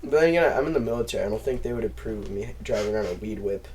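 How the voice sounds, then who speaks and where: A man's voice: lowish voice, expressive, rapid-fire, a little mellow, a little hiss or hum, rough recording. A young man chatting casually as a podcast host, swearing freely and telling stories with a laugh. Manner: profane, storytelling, laughs often. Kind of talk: casual chat.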